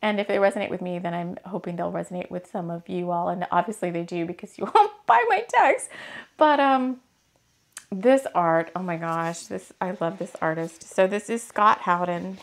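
A woman's voice: lowish voice, creaky. A woman reading oracle cards in a casual, gushing way, laughing often as she talks about her decks and her books. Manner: gushing and excitable, quick to laugh. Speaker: spiritual energy reader and deck author.

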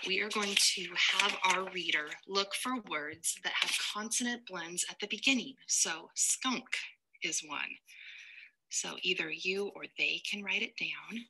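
Bright-voiced woman giving activity steps. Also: mid-range voice, low-quality recording. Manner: lively, directive, addresses the parent directly. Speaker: teacher. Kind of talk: step-by-step activity instructions.

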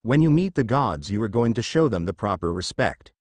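A man's voice: fairly low pitch, very animated, brisk, no echo. A man voicing a bossy, scolding female beast spirit who speaks in a sickly sweet tone, in a read-aloud story. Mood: sweetly threatening.

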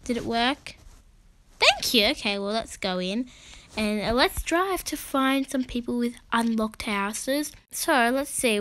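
Brief: high-pitched woman, casual game commentary, giggly and exclamatory, dry close sound. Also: lively intonation, a little slow, a bit bright, no echo. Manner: chatty, giggly, gasping and exclaiming. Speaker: gaming channel host.

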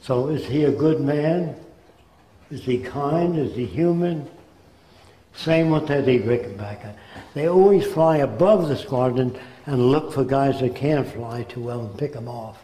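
A man's voice: mid-range voice, warm tone. An older man from the United States giving an earnest public lecture in a hall. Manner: earnest, lecturing, slips into quick impressions. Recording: echoey hall.

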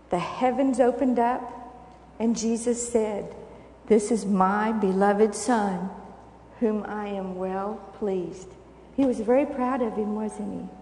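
An older woman leads a children's sermon in a church sanctuary, gently coaxing the children with questions. She has a high, warm voice, captured in an echoey church hall with slight background noise.

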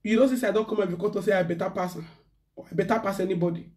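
A woman's voice: mid-range voice, fairly even intonation, rapid-fire, a little mellow, far from the mic. A woman with a Nigerian accent ranting in casual chat as a live-stream host, slipping pidgin into her English.

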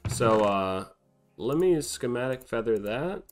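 A young man streaming a game, chatting casually with friends in animated, profane banter. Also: mid-range voice, measured pace, soft background music. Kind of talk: casual gaming chat.

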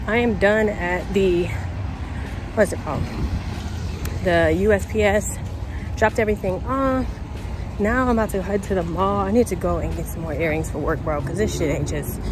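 A young woman with a mid-range voice vlogs on her phone camera, first at home and then out running errands. She chats about her errands and rants animatedly about a delivery mix-up, with exasperated outbursts. Background noise and clear background music are audible.

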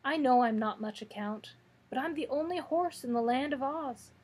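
A woman's voice: high-pitched, normal speed, darkish tone, breathy edge. A woman voicing a proud, odd male sawhorse come to life in a storybook read-aloud. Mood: meek. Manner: prim and proud, then meek.

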